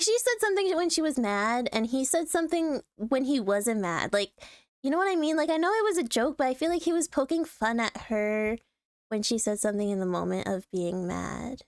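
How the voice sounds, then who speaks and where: A woman with a fairly high voice, chatting casually on a live stream. She swears freely, clears her throat often and breaks into laughter. The sound is dry and close, with no room echo. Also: lively intonation, moderate pace. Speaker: streamer reacting to online posts.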